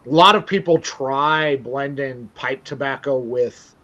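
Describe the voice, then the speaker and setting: A man's voice: mid-range voice, unhurried, pushed and bright. A man hosting a casual interview, rambling and self-deprecating with many restarts. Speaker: show host. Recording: dull lo-fi audio.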